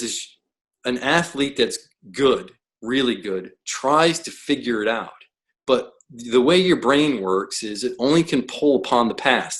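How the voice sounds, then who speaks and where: A man of medium pitch, a professional coach, speaks as a guest in a podcast interview, emphatic and blunt and full of rhetorical questions. The audio quality is poor.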